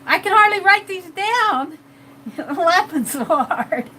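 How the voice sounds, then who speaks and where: A woman's voice: extremely high pitch, expressive, slow, bright, forceful tone, low-quality recording. A woman hosting an art live stream, chatting casually with viewers and reading their comments with frequent giggles. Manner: giggly and playful, laughs often.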